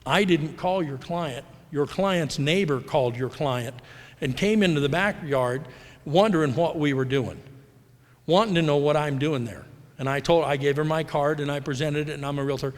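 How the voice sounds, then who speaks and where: A man's voice: on the high side, normal speed. A middle-aged man from the United States giving a candid, rambling personal talk at a recovery convention, acting out the voices of people he quotes. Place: large hall. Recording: live hall recording with long reverb.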